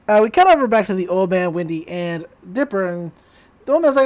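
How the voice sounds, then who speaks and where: A woman's voice: mid-range voice, lively intonation, fairly quick, darkish tone. Young woman retelling a cartoon ep, voice jumps all over, does little character voices. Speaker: podcast host recapping a cartoon episode. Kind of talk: casual recap with acted quotes.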